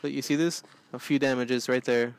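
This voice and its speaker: Male host, goofy let's play commentator, excitable, prone to yelling, mid-pitched voice. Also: normal speed, slight background noise. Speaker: gaming channel host.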